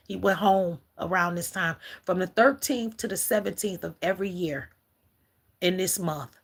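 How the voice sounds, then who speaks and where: A middle-aged woman gives an emotional, halting spiritual message on a livestream, often calling her viewers "collective.". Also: fairly low pitch, a bit bright, breathy edge. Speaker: spiritual reader.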